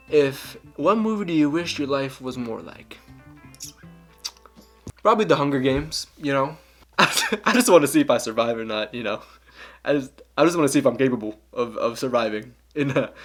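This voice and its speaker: Gravelly young man vlogging. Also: mid-range voice, fairly bright tone. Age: young adult. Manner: candid, joking, rambling. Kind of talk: casual Q and A vlog.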